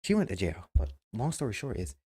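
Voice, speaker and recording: A man's voice: lowish voice, big pitch swings, a little fast, warm tone, slightly rough. A man streamer giving casual, emphatic advice, repeating himself and acting out quoted remarks. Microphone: webcam mic.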